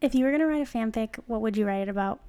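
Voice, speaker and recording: Smooth-voiced young woman reading fanfic aloud. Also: a little high, very fast, dark tone. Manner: wry, reads narration then comments. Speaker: podcast co-host. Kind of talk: reading a fan story aloud with chat.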